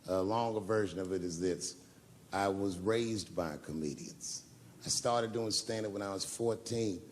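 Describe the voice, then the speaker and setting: Slight background noise surrounds a low-pitched male comedian who speaks a little slowly. He's on stage at a live venue, telling drawn-out, profane tales and fielding audience questions in easygoing back-and-forth.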